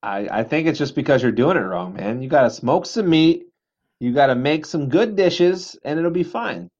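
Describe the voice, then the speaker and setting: A man's voice: a little high, lively intonation, normal speed, darkish tone, dull audio. Exasperated swearing man. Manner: profane, exasperated, laughing often. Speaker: podcast co-host. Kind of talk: casual podcast banter.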